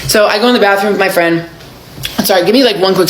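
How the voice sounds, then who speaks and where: A woman with a hoarse voice telling a casual, profane storytime, acting out what people said. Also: medium pitch, very fast, roomy sound, low-quality recording. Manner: profane, animated, acts out quotes. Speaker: storyteller vlogger.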